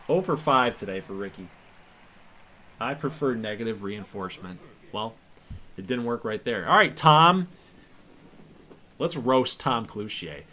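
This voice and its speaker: A young man hosts a live stream of a baseball video game, commenting on plays and stats in a casual, excitable way. His voice is bright and forward. He trash-talks the players and suddenly breaks into loud outbursts. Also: mid-range voice, unhurried, pauses often. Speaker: gaming streamer and league host.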